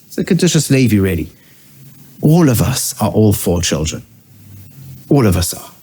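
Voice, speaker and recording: A middle-aged man, a rabbi, giving a teaching lecture, swinging between high emphatic bursts and low quiet asides, and weaving in Hebrew terms he then translates. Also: a little hiss or hum. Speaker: rabbi and educator.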